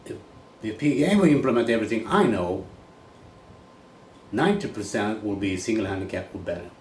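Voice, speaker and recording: A man's voice: lowish voice, lively intonation, brisk, far from the mic. A man from Sweden with a Swedish accent, a golf coach talking bluntly and rambling in a casual monologue, swearing now and then. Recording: echoey room with faint ambient noise.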